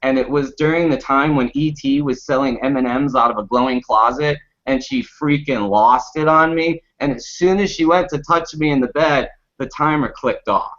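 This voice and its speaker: A man on a discussion panel telling a funny personal story in a casual, animated way with lots of laughing, on a muffled recording. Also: mid-range voice, normal speed, hardly any pauses. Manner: animated, laughing anecdote with acted quotes. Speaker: panel guest.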